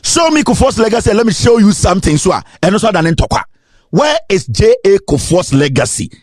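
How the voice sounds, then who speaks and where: Fiery Ghanaian man ranting in a lively high voice. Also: moderate pace, dry recording, clean studio sound. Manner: switches between English and Twi, repeats rhetorical questions, at times sing-song. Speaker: political commentator. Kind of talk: impassioned political rant.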